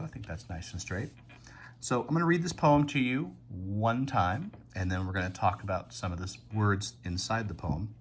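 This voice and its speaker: A man's voice: sits low, fairly bright tone. A man teaching a phonics lesson to young children, patiently sounding out and repeating words.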